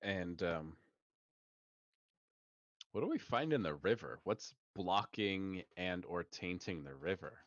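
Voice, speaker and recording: A man with a very deep voice narrates his character's moves in a tabletop game. The sound is dry and close. It is slightly muffled, like a budget home mic on a call. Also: lively intonation, slow pace, pauses often, no room sound. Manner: describes his character's actions in the third person. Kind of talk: casual role-play narration.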